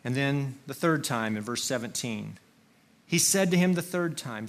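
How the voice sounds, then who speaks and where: A man preaching a sermon, slow and earnest, leaning on single words for emphasis. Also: mid-range voice, expressive. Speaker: pastor.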